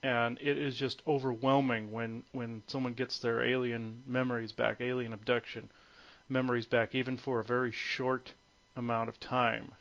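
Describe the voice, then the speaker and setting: A man of medium pitch speaks as a guest on a call, halting often on fillers and restarting his sentences. His voice comes through dull and muffled, like lo-fi phone audio. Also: level tone, vocal fry, a bit bright. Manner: hesitant, many fillers and restarts. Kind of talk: conference call interview.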